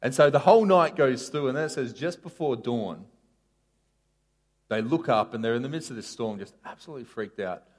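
A man preaching a casual sermon, telling a story with sharp rises and drops in his voice. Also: medium pitch, brisk. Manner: animated storytelling, voice rising and falling sharply.

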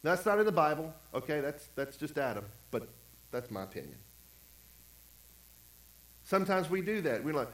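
A man's voice: fairly high pitch, sing-song, moderate pace, pauses often, reverberant, poor audio. A man pastor preaching a conversational sermon, acting out quotes and repeating phrases. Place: church.

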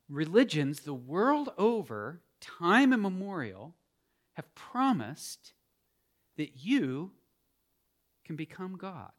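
A man preaching a sermon as a pastor, animated and emphatic, asking the congregation questions and calling for responses. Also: a little high. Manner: animated, rising to emphatic peaks.

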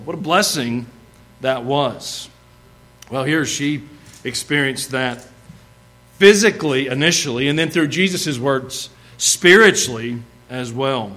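A man with a lilt delivers a sermon in a folksy, lively way. His voice sits a little high for a man, and he slips into playful acted-out asides as he preaches. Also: measured pace. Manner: folksy, animated, acts out bits of the story.

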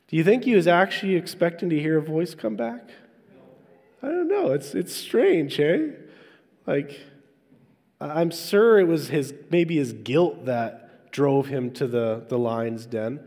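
Pastor in an echoey hall. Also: male voice, a little high, animated, measured pace, darkish tone. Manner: conversational, asks the congregation questions. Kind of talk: sermon.

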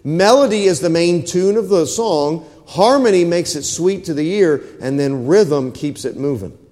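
High-voiced man preaching in a reverberant church. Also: lively intonation, unhurried, a little mellow. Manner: folksy, asks the congregation questions. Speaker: pastor. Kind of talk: sermon. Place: church hall.

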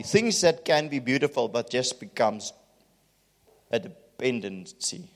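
A man preaching a sermon to a congregation, reading scripture with swings between loud emphasis and quiet asides. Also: mid-range voice, lively intonation, measured pace, long reverb tail. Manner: dramatic scripture reading, rising loud then dropping quiet. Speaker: pastor.

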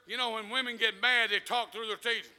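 A man preaches in a very high, sharp, ringing voice, trading quiet asides for stretched-out shouted lines. His sermon carries the long reverb of a big church hall. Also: fairly even intonation, clean tone. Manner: impassioned preaching with shouted peaks and drawn-out phrases.

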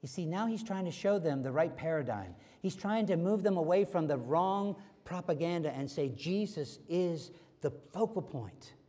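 A man preaching a sermon as pastor, animated and acting out quoted voices. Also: fairly high pitch, normal speed, few pauses. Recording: long hall reverb.

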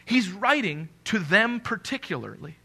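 Pitched high and animated, this pastor's voice carries vocal fry, a sharp tone and a breathy edge. Preaching live in church, he trades jokes with the congregation and drags out important phrases slowly to stress them.

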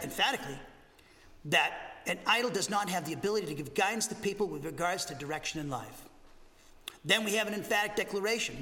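A man preaching an expository sermon as pastor, talking in an animated, conversational way with frequent restarts. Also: high voice, long reverb tail. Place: church sanctuary.

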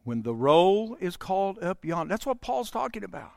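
A man preaching a sermon, folksy and direct with his congregation, swinging between loud proclaiming and hushed, intimate stretches. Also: sits high, big pitch swings, normal speed, gravelly, no echo, clean studio sound. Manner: folksy, talks straight to the congregation. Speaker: pastor.

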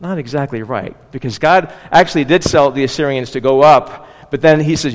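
A man's voice: medium pitch, moderate pace, hardly any pauses, in a large hall. A man preaching a sermon on a scripture passage, in a conversational way with frequent asides and tag questions. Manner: conversational, with frequent asides and "you know, right?". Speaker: pastor. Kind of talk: expository sermon.

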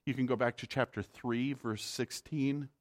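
A man's voice: medium pitch, steady tone, normal speed. A male pastor preaching a sermon in a conversational way, often asking the congregation rhetorical questions.

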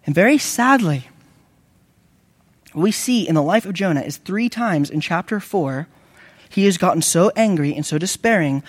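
Male pastor, sermon, fairly high voice, earnest, dramatic rises, slow emphatic repeats.

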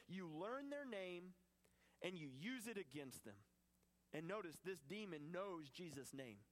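A man preaching a sermon, animated and acting out the voices in the scripture he tells. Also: sits high.

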